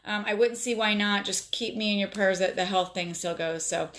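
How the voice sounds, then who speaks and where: Streaming from her phone at home, a South Florida woman tells a story full of fillers and emotion in a casual live chat. Her voice is medium-pitched and a bit bright, moving at a moderate pace.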